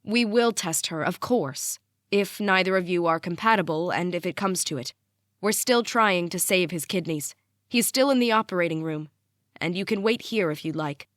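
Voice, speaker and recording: A woman reading the part of a calm, collected male doctor speaking in a matter-of-fact way. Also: on the low side, moderate pace, no room sound, clean studio sound, lightly acted.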